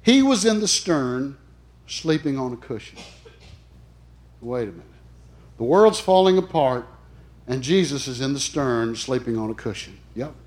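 A middle-aged man preaching a sermon as a chaplain, emphatic, swinging between loud and soft. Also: medium pitch, animated, unhurried, pauses often.

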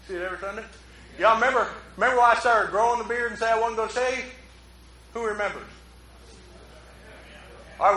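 A man preaching a relaxed, conversational sermon as pastor, joking at his own expense and drawing in the congregation. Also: high-pitched. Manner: joking, self-mocking, talks with the congregation. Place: church. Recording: roomy hall echo.

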